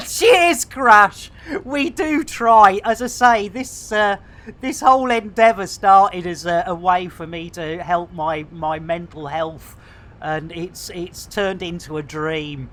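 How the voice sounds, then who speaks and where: A woman's voice: lowish voice, slow pace, fairly bright tone. A woman streaming a game, chatting casually to her viewers, rambling and punning with frequent giggles. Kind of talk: casual live-stream chat.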